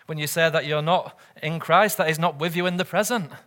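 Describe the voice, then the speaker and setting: A man's voice: fairly high pitch, brisk, fairly bright tone. A man preaching a sermon as pastor, earnest, often asking the congregation rhetorical questions. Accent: British or Commonwealth English.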